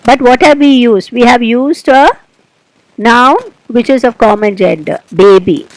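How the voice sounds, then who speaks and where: A woman teaching an English grammar lesson, explaining slowly and deliberately and putting questions to the learner. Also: fairly high pitch, dry recording, poor audio.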